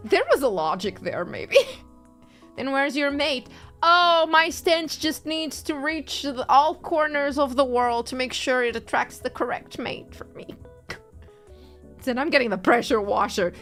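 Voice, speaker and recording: Young woman, streamer, casual chat, teasing, laughs a lot, high bouncy voice, soft music behind. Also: lively intonation, unhurried. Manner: playful, teasing, laughs often. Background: faint background music.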